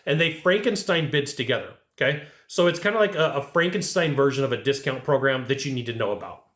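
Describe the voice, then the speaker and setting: A man teaching sales negotiation in a casual, animated way, acting out clients and asking rhetorical questions. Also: medium pitch, fast talker, reverberant. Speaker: sales trainer. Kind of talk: casual sales training talk.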